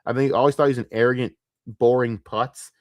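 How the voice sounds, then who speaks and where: A man's voice: mid-range voice, fairly even intonation, fairly quick, no echo, studio quality. A man ranting profanely and with exasperation on his commentary stream.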